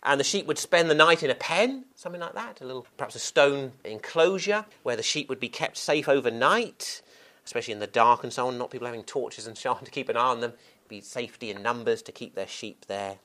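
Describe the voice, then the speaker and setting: A man preaching a sermon, unhurried and earnest, often restarting and repeating words as he explains scripture. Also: mid-range voice, expressive, pushed and bright.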